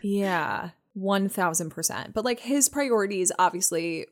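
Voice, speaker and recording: A young woman tells a story on her podcast with lots of energy, jumping into the voices of the people in it. Her voice is mid-pitched and casual. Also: a little slow. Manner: animated, acts out quoted voices. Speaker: podcast co-host.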